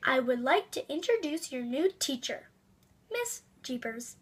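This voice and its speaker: A woman's voice: sits high, very animated, a little slow, husky, heavily acted. A woman voicing a stern male school principal, close to her own reading voice. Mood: formal.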